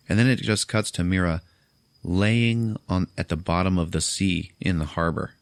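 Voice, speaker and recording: A man's voice: low-pitched, steady tone, moderate pace, vocal fry, dry recording. A man hosting a podcast, casually recapping a movie in a loose, profane way. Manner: loose, profane, retelling with quoted voices. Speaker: podcast host.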